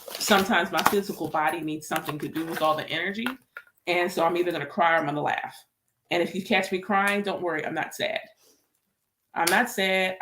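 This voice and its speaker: Animated woman chatting in an echoey room. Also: fairly low pitch, a little hiss or hum. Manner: animated, emphatic, repeats phrases, laughs easily. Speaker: spiritual vlogger and medium. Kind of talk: casual spiritual chat to camera.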